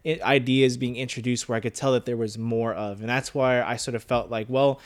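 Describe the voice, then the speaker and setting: A man's voice: medium pitch, steady tone, brisk. A man co-hosting a casual movie review chat, thinking aloud in a rambling way with many fillers. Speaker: podcast co-host.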